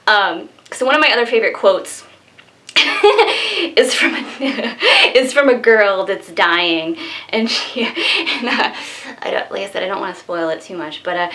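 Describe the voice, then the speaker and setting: A young woman casually reviewing a low-budget horror film, bubbly and giggly, full of fillers. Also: very animated, measured pace, sharp tone.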